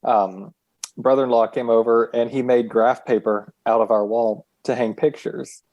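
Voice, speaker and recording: A man's voice: mid-range voice, steady tone, moderate pace, a little mellow, dry recording, muffled recording. A man co-hosting a podcast, chatting in an easygoing way about home life. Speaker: podcast co-host. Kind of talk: casual chat.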